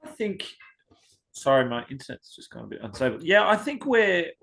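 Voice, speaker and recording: A man's voice: a little high, very animated, moderate pace, gravelly, a bit bright. A man organising an online session, speaking tentatively and trailing off.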